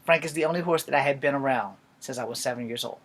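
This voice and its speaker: A young man telling a funny personal story in casual, swearing storytime style, jumping from low mutters and whispers to loud outbursts. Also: quick pace. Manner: sometimes drops to a whisper. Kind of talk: casual profane storytime monologue.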